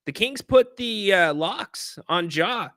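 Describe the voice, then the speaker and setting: Male sports host, animated and chatty with a punchy bright voice, dry room sound. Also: sits high, slow, no echo. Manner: animated, chatty, reads viewer chat aloud. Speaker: sports talk show host. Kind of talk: casual sports talk livestream.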